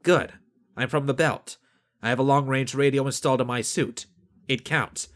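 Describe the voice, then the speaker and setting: A man voicing a clever young crewman who argues regulations in a calm, methodical way. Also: medium pitch, moderate pace, natural voice. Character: clever young man, precise crew accountant.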